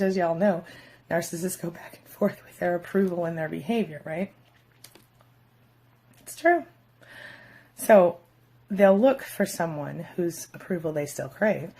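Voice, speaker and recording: A woman's voice: sits low, gravelly, darkish tone, husky. A woman hosting an advice vlog, talking casually and directly to her viewers with lots of fillers. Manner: chatty, speaks straight to viewers with many fillers. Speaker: vlog host giving relationship advice. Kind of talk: casual talk to camera.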